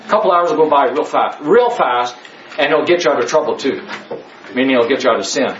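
A man's voice: medium pitch, lively intonation, fast talker, a bit bright, a little hiss or hum. Man, church class teacher, emphatic, jokey, rhetorical, echoey room. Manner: emphatic, joking, rhetorical questions. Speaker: Bible study teacher. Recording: echoey, slightly dull room.

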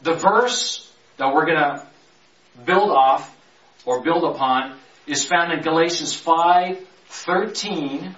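A man's voice: a little high, fairly bright tone. Man preaching from a distant mic, roomy. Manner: stretches key words slowly, rushes through asides. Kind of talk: conversational Bible teaching. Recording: roomy, distant, dull sound.

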